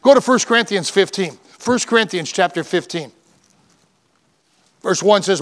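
A male pastor delivers a fervent sermon in a high, slightly bright voice with lively intonation and an unhurried pace. He reads scripture aloud and repeats words and lists for emphasis. The audio comes from a church microphone and was broadcast on radio.

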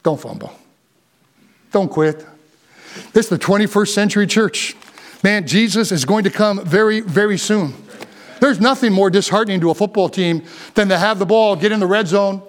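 An older man preaching a sermon to a congregation, with a notably high-pitched voice. His delivery swings between quiet, reflective passages and fervent, near-shouted exhortation. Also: moderate pace. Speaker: pastor.

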